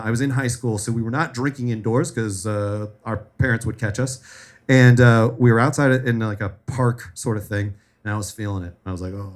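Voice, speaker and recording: A young man hosting a live comedy show, joking loosely, swearing and laughing at his own stories. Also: medium pitch. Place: live venue with audience.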